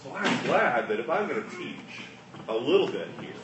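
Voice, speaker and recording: A man preaching a sermon, swinging between hushed asides and loud, emphatic lines. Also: on the high side, very animated, moderate pace, noisy background. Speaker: pastor. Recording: echoey room, mic at a distance.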